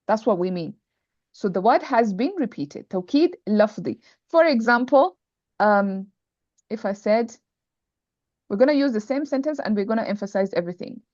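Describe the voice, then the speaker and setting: A woman's voice: on the high side, lively intonation, moderate pace, darkish tone, no room sound. Female teacher, dull lo-fi call audio. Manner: patient, repeats terms and checks understanding. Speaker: Arabic grammar teacher. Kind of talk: online class explanation.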